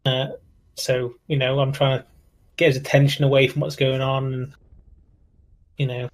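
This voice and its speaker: A player in a tabletop role-playing game who talks in a halting, coaxing way with many fillers. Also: mid-range voice, level tone. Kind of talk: in-character tabletop play.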